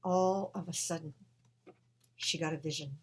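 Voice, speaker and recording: A woman telling a personal story with emotion, swinging between hushed and loud. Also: low-pitched, steady tone, moderate pace.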